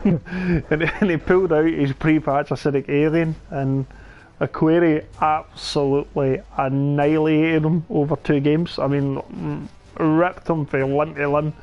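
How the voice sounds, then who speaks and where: A young man, telling animated stories and laughing in a casual gaming chat. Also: on the high side, a little slow, highs cut off. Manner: animated storyteller, laughs mid-sentence, says "aye". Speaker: podcast co-host.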